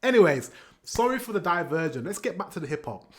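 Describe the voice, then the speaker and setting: A man's voice: sits high, fast talker. Chatty man with a raised voice. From England. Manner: chatty and animated, scats beats with da da da. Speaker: reaction video host. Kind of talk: casual music reaction commentary.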